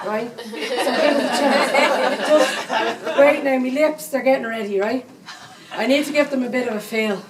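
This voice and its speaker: A woman's voice: high voice, moderate pace, over a noisy crowd, heavy background noise, close to an everyday voice. A woman performing a foul-mouthed 78-year-old Dublin psychic in a live stage comedy monologue, with a thick Dublin accent and constant swearing asides. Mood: rousing. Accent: Dublin Irish. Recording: echoey room, mic far off.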